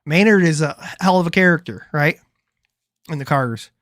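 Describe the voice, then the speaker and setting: A man's voice: on the high side, expressive, moderate pace, a bit bright, no room sound, clean studio sound. Profane, rambling man reacting to clips. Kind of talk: casual commentary.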